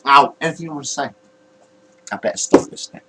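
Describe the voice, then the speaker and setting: A man's voice: medium pitch, quick pace, sharp tone, slightly rough, recorded from a distance, low-quality recording. A man in his forties recalling family stories to camera in a candid, rambling way, laughing between them. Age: 40s. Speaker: man filming a home video about his family. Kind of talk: rambling personal recollection to camera.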